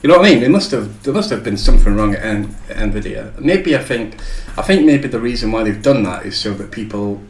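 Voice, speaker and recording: A man's voice: fairly low pitch, expressive, brisk, few pauses, echoey room, rough recording. A man hosting a casual tech chat show, rambling and joking with frequent swearing. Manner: rambling, swears freely, jokey. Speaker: show host.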